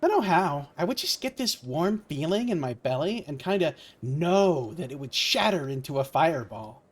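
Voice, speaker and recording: A man commentating on a video game as he plays it live, chatting and musing aloud to his viewers. His voice sits slightly high for a man, and he speaks into a computer mic. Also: very animated, moderate pace. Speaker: let's play commentator. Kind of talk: live-streamed gameplay commentary.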